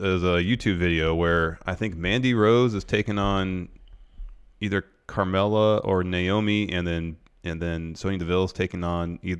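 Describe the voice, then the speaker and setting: A man co-hosting a podcast, recounting events in quick, plain run-downs during a casual recap chat. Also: low voice, clean tone. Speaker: podcast co-host.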